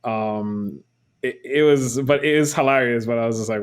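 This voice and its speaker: Laid-back podcast host, slangy. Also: male voice, medium pitch, normal speed, clear, resonant tone. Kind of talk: casual chat.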